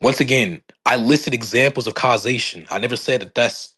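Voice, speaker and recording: A man debating over a phone mic, combative and insulting while insisting he is calm. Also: mid-range voice, normal speed, husky. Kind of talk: heated online debate.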